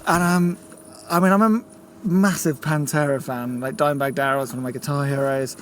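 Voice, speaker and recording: A man's voice: fairly high pitch, fairly even intonation, normal speed, fairly bright tone, slight background noise. An English man in a band, telling a drunk, laughing story in a car park outdoors. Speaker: band member.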